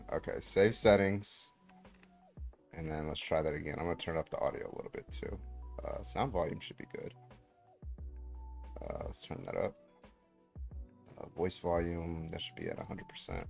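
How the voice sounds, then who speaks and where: A man hosting a livestream, chatting casually and swearing freely, with sudden loud outbursts. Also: low voice, gravelly. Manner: profane, talks through tech setup with sudden loud outbursts. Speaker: livestream host. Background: faint music.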